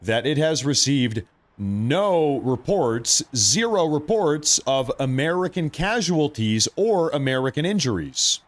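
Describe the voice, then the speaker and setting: A man's voice: a little high, big pitch swings, measured pace. A man hosting a live news commentary stream, talking in a conversational and emphatic way that repeats points for effect.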